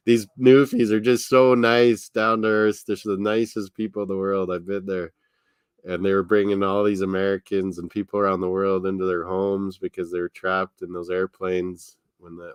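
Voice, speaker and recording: This watchalong host has a deep, clean voice recorded with no room sound. He chats casually and ramblingly through a live sports stream, laughing often.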